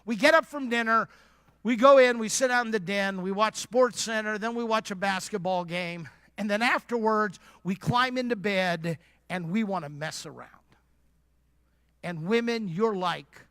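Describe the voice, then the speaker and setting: A man's voice: high-pitched, lively intonation, normal speed, fairly bright tone, no room sound. A man preaching at a church conference, speaking emphatically and directly and repeating lines for emphasis. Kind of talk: preaching sermon.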